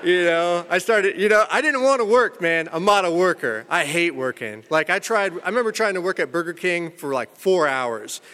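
A man's voice: high voice, expressive, moderate pace, few pauses, in a large hall. Rambling, self-mocking man sharing his story. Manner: rambling, full of "you know" and "man"; self-mocking humor about a dark past. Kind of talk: candid personal storytelling.

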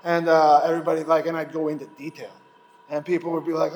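A man's voice: fairly high pitch, little pitch movement, brisk, darkish tone, roomy sound, in a large hall, slight background noise, poor audio. A man speaking at a recovery meeting, giving a candid personal testimony and rambling between thoughts. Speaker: recovering alcoholic sharing at a meeting.

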